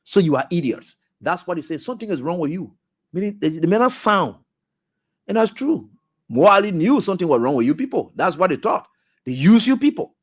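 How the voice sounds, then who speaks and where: A man hosting a radio talk show, giving animated, scolding political commentary. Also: extremely high pitch.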